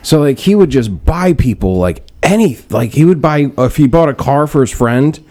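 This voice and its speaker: A man's voice: mid-range voice, lively intonation, moderate pace, warm tone. A young man hosting a casual podcast chat, telling stories with lots of swearing, laughter and acted-out quotes. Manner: swears a lot, laughs often, acts out quotes in storytelling. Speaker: podcast host.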